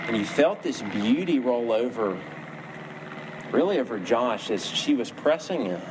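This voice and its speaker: A man's voice: mid-range voice, animated, measured pace. A man preaching a sermon in an earnest storytelling manner, lifting his voice for emphasis, with faint ambient noise behind him. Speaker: pastor.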